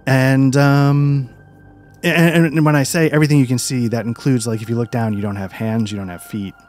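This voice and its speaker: Calm man narrating a tabletop game. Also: mid-range voice, moderate pace, faint music behind. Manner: calm descriptive narration with many fillers. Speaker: game master.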